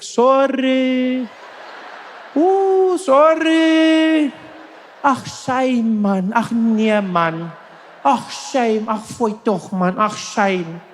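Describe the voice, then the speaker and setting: Animated South African stand-up comedian. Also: male voice, high voice, a little hiss or hum. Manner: animated storytelling, addresses crowd as "guys".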